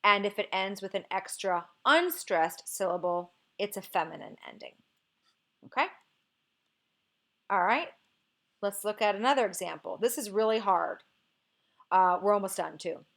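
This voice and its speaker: A woman's voice: mid-range voice, lively intonation, moderate pace, gravelly, long pauses, fairly bright tone. A woman teacher explaining poetic meter in a recorded lesson, patient and explanatory, often checking in with "okay".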